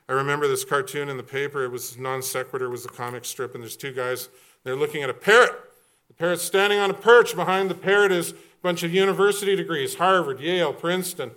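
A middle-aged man preaching a sermon as pastor, animated and joking, with quick storytelling asides. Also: on the high side.

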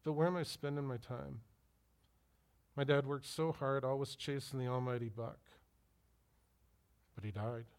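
A man's voice: mid-range voice, steady tone, normal speed, smooth. A middle-aged man preaching a sermon as pastor, telling personal stories and putting direct questions to his listeners.

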